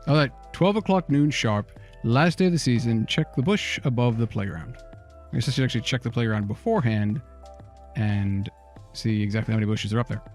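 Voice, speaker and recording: A man's voice: medium pitch, brisk, a little mellow, faint music behind. A man co-hosting a casual game stream, chatting and thinking aloud as he plays. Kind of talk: casual let's-play chat.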